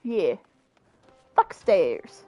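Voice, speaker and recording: A woman's voice: medium pitch, sing-song, extremely slow, dark tone, highs cut off, soft background music. A young woman streaming a game, chatting casually, joking and swearing freely. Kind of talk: casual gameplay chat.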